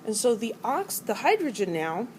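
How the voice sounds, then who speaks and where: A woman's voice: a little high, big pitch swings, normal speed, darkish tone, a little hiss or hum, rough recording. A middle-aged woman teaching a college chemistry class, explaining ideas by acting out atoms as arguing characters. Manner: playful, acts out atoms as characters. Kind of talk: classroom lecture.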